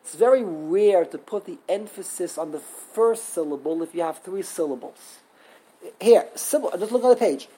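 A woman's voice: fairly low pitch, lively intonation, moderate pace, dark tone, slightly rough, low-quality recording. A woman teaching Hebrew grammar in a classroom lesson, emphatic, often repeating herself and sounding out words syllable by syllable.

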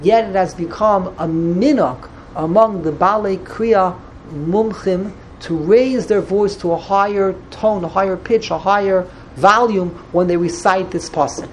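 Animated woman Torah teacher who trips over her words when excited and uses plenty of Hebrew terms, at an average pitch. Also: unhurried, a little hiss or hum. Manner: animated, jumps into dramatized dialogue with Hebrew and Yiddish terms; frequent restarts and stammers when excited. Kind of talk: Torah lecture.

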